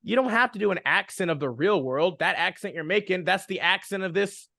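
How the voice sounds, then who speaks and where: A man's voice: high voice, fairly quick, gravelly, pushed and bright, no room sound, clean studio sound. A young man co-hosting a casual podcast, giving advice to new game masters in a rambling way, full of fillers and restarts. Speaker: podcast co-host.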